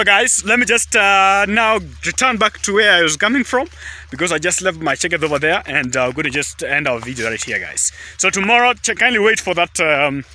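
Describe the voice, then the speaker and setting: A young man with an East African accent talks to his viewers in a loose, chatty way, filming himself outdoors by a highway. His voice sounds very bright and sits a little high, and he keeps circling back to "guys" and "just". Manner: chatty, repetitive, often says "guys" and "just". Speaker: vlogger. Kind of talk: casual rambling vlog talk. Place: outdoors beside a highway at sunset.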